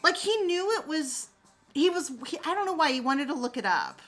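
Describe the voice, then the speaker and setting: A woman's voice: high voice, big pitch swings, moderate pace, fairly bright tone. A woman streamer chatting casually with her viewers, telling stories animatedly and laughing often. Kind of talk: casual chat.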